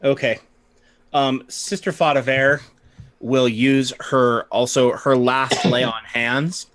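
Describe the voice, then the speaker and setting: A man narrating a tabletop game as game master, unhurried, with frequent pauses and fillers. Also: medium pitch, steady tone, fairly bright tone, no echo. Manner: unhurried, pausing often with fillers.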